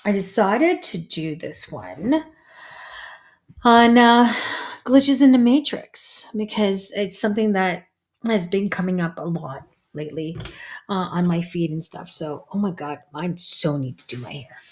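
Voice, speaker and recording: A woman's voice: mid-range voice, expressive, measured pace. A woman, a psychic medium, hosting a casual livestream in a chatty, rambling way and greeting viewers by name.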